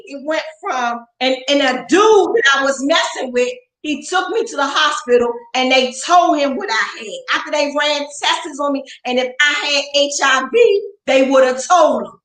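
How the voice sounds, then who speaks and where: A woman's voice: high voice, measured pace, a bit bright. A woman speaking as an interview guest, ranting in a heated, profane, confrontational way with lots of emphasis. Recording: roomy echo.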